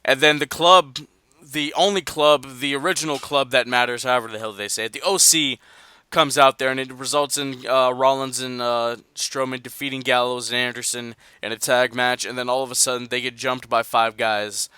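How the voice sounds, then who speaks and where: Excitable male co-host with a bright, crisp voice and a dry close mic. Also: mid-range voice, moderate pace, no echo. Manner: excitable, reads listener messages aloud. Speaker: podcast co-host. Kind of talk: casual wrestling podcast chat.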